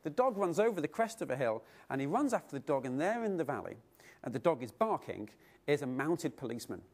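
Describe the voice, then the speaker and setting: A middle-aged man delivering a keynote speech at a conference. He tells stories with lively swings in his voice and keeps putting rhetorical questions to the room. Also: on the high side, a little fast. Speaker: keynote speaker. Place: conference hall.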